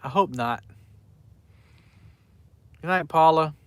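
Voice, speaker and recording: A man's voice: on the high side, takes it slowly, smooth, no echo. A man, chatting casually on a fishing live stream and reading out viewers' names in a rambling way. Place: outdoors by the water at night.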